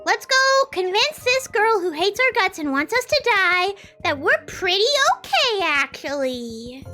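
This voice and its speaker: A woman's voice: extremely high pitch, big pitch swings, a little slow, bright, forceful tone. A young woman streaming a game in casual chat, chaotic and playful, trailing off and restarting with silly bits. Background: faint music.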